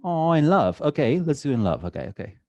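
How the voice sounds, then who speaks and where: A man's voice: a little high, sing-song, fairly quick, a little mellow, dry recording, lo-fi sound. A man with a Mexican accent giving a live drawing workshop to an audience, chatty and joking with many filler uhs. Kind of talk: casual live demo talk to an audience. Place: event hall with an audience.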